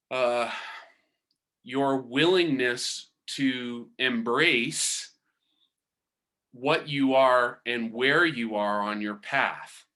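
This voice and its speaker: Male spiritual teacher, clear bright voice, slow and deliberate, measured and searching. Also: mid-range voice. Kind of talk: reflective spiritual talk.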